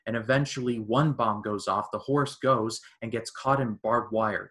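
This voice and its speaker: A man in casual podcast talk, easy and enthusiastic, often slipping into quick quoted voices as he recaps scenes. His pitch sits in an ordinary middle range. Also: bright, forceful tone. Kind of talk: casual movie discussion.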